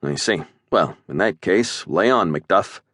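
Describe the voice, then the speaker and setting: A man's voice: deep voice, animated, unhurried, fairly bright tone, no room sound, heavily acted. A man voicing a seasoned male starship captain who speaks with dry, wry understatement.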